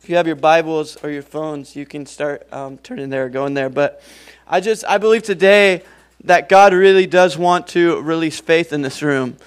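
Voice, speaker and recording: A man's voice: fairly high pitch, moderate pace, clean tone. A young man preaching a sermon in a casual, chatty way, with many fillers, praying and reading scripture.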